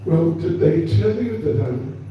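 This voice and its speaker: An older man, a visiting monk, speaking to a congregation in a slow, teasing, self-deprecating way. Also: on the high side, expressive, dull audio, loud music behind the voice. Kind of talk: casual joking address to a congregation.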